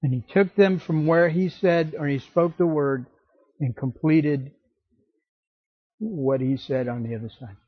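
A man preaching a sermon as pastor, slow and emphatic, acting out the scripture quotes. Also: on the high side, breathy edge, no echo, muffled recording.

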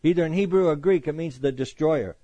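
A man's voice: fairly high pitch, fairly quick, mellow, no echo, lo-fi sound. A man teaching verse by verse through the Bible, reading scripture aloud and then explaining it in a conversational way with joking asides.

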